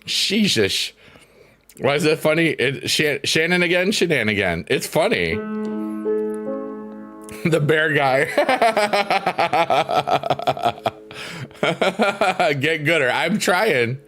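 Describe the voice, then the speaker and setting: A middle-aged man hosting a livestream, chatting casually and reading comments aloud in a goofy, joking way. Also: mid-range voice. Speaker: livestream host. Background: soft piano music.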